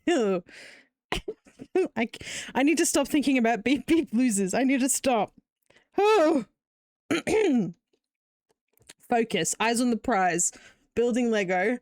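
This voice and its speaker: A woman's voice: a little high, big pitch swings, takes it slowly, pauses often, a little mellow, dry recording, studio quality. A young woman streaming while she builds Lego, chatting casually and breaking into long fits of giggles.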